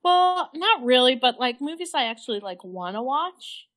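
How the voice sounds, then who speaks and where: A woman's voice: high-pitched, very animated, normal speed, a bit bright. Enthusiastic, swearing woman podcaster. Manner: enthusiastic, swearing, laid-back. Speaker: podcast co-host. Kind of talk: casual chat.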